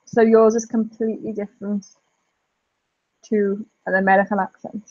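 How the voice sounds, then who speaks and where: A woman's voice: mid-range voice, little pitch movement, moderate pace, a little mellow. Chatty woman on a dull stream. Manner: chatty, thinks aloud, talks straight to viewers. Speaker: live chat host. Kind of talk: casual live-stream chat.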